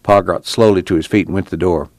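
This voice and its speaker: Low-voiced male audiobook narrator. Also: no echo. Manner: steady, measured reading. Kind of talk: scripted narration.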